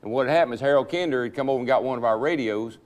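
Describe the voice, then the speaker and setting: A man telling racing anecdotes at a reunion, animated and laughing. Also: medium pitch, rapid-fire, a little hiss or hum. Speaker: retired stock car driver. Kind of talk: storytelling at a reunion panel.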